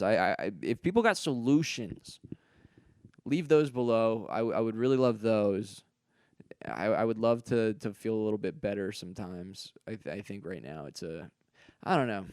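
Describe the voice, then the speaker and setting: A young man hosts his own podcast alone, thinking out loud in a rambling, self-searching way and often restarting his sentences. His voice sits low and comes across smooth and clean. The recording is dry and close. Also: measured pace, dry recording. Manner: rambling, self-reflective, frequent stammered restarts. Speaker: podcast host, comedian. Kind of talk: confessional solo podcast monologue.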